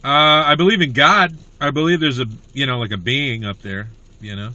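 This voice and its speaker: Chatty guy doing a comedy livestream, bright forward voice, rambles and greets viewers. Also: mid-range voice, moderate pace, highs cut off. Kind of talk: casual livestream chat.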